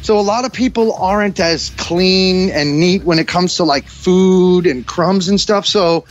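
Rambling easily as a podcast guest, a New York-accented man in his 40s speaks in a high, unhurried voice over soft background music. The audio is dry, dull, and lo-fi.

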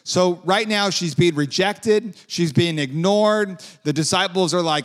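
A man's voice: a little high, moderate pace, few pauses. A man preaching a sermon in a conversational way, with lilting, sing-song emphasis and casual asides.

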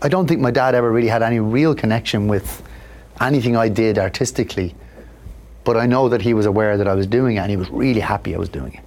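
A man with a lowish voice tells stories from his life as an interview guest. He talks in a reflective, conversational way and gives the people he quotes lively voices of their own. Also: fast. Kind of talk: candid conversational storytelling.

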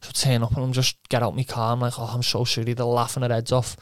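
A man's voice: medium pitch, completely flat delivery, fast, no echo, studio quality. A young man telling a rambling, swearing footballer's anecdote, quoting himself and laughing often. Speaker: footballer guest. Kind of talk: casual anecdote.

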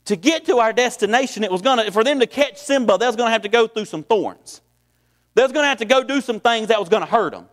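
A folksy preacher delivering a sermon, circling back and restarting his phrases. His voice sits high for a man. The sound carries a long hall echo. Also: animated, quick pace. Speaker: pastor.

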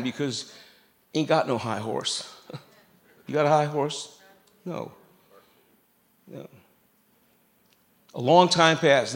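A man's voice: fairly high pitch, a bit bright. A middle-aged man preaching a sermon in a church, in a conversational, joking way with asides to the congregation. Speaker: pastor. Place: church sanctuary.

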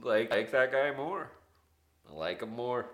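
A man's voice: mid-range voice, expressive, normal speed, a bit bright, lo-fi sound. A man co-hosting a podcast in casual chat, laid-back and teasing. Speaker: podcast co-host.

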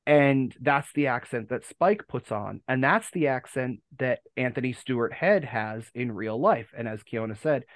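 A man's voice: medium pitch, expressive, normal speed, hardly any pauses, no echo. Rambling American man hosting, dry sound. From United States. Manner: rambling, self-correcting, many fillers. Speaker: podcast host. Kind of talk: casual fan discussion.

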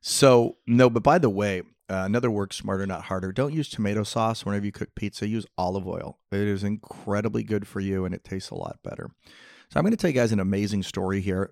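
A man's voice: on the low side, vocal fry, darkish tone, no room sound, clean studio sound. A middle-aged man hosting a podcast, telling long rambling jokey stories in casual chat. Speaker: podcast host. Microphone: podcast mic, close.

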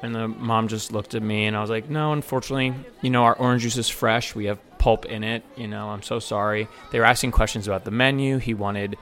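A man's voice: fairly low pitch, steady tone, fast talker, hardly any pauses, fairly bright tone, faint music behind. Earnest man telling a personal story. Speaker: bartender and server. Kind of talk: personal anecdote to camera.

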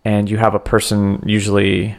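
Male podcast co-host, low voice, laid-back explainer who swears casually. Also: completely flat delivery, normal speed, creaky. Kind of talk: casual chat about a film.

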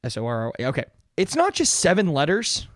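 A man's voice: fairly high pitch, wildly swooping pitch, fairly quick, no room sound, clean studio sound. Earnest rambling man in his thirties. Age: 30s. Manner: rambling, earnest, many fillers and restarts. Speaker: podcast host. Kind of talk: casual solo podcast monologue.

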